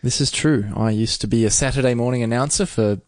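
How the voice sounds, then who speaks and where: A man's voice: mid-range voice, fast, a little mellow, no room sound. Easygoing man guesting on a podcast, very dry sound. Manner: easygoing, laughs along. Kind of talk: casual interview chat.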